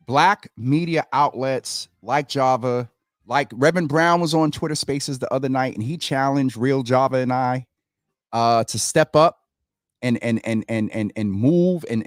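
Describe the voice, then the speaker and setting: A man's voice: mid-range voice, unhurried, no room sound, studio quality. An earnest man hosting a casual community talk show, speaking straight to his viewers. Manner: earnest, animated, addresses viewers as y'all. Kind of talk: casual livestream commentary.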